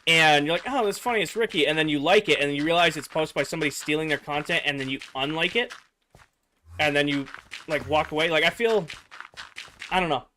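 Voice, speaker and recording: A man's voice: a little high, fairly quick, bright, forceful tone, a little hiss or hum. A young man streaming a game, chatting casually with viewers, rambling with lots of filler words and losing his voice a little. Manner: rambling, filler-heavy, answering chat. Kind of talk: casual livestream chat with viewers.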